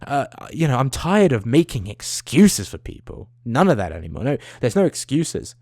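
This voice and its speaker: A man's voice: mid-range voice, sing-song, normal speed, a little mellow, no room sound, studio quality. A young man, ranting into the camera, swearing often and trailing off into tangents. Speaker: vlogger. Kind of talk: profane rambling rant.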